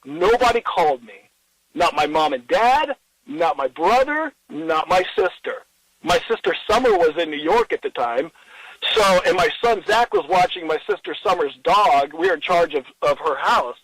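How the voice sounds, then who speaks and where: A middle-aged man in an interview, telling a personal story in an earnest, halting way, with many restarts and quoted dialogue. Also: sits high, very animated, a bit bright, no room sound, low-quality recording.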